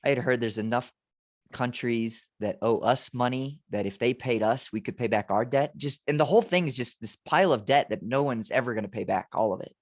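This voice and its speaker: A man's voice: mid-range voice, fairly quick. Rambling male teacher on a dull video call. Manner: rambling, self-correcting, frequent restarts. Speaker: teacher giving a presentation. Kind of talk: informal talk with slides.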